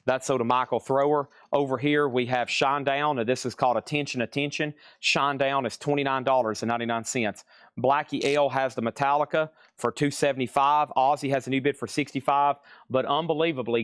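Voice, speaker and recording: A man hosts a live record auction stream, running through titles, prices and bidders with quick asides. His voice is smooth and clear, recorded close and dry with no room sound. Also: mid-range voice, fairly even intonation, fairly bright tone, no echo.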